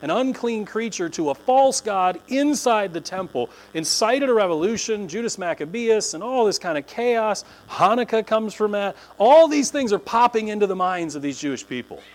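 A male pastor preaches in a chatty, animated way, breaking into quick voices for the people he talks about. His speech swoops up and down, sitting a touch high for a man. A faint electrical hum runs under the recording. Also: rough recording. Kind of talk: sermon. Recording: low mains hum.

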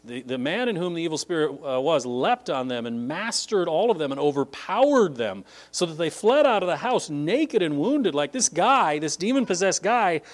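Brief: male Bible teacher, conversational lecture, emphatic with sudden high pitch leaps on key words. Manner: conversational, with frequent "like" and restarts.

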